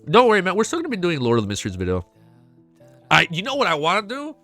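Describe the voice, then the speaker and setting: A young man streaming a casual reaction, excitable and swearing often, laughing between remarks. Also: mid-range voice. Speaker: streamer reacting to a web novel. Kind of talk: casual live reaction chat.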